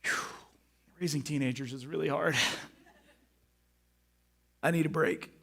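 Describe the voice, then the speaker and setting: A middle-aged man preaching a sermon on a church stage, animated and acting out his own moods for the congregation. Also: on the high side, measured pace, gravelly, slightly rough. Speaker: pastor.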